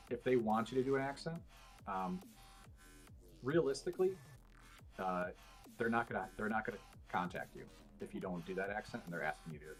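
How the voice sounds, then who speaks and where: Low-voiced man explaining at length. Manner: explanatory, many fillers and restarts. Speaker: podcast guest. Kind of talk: casual chat.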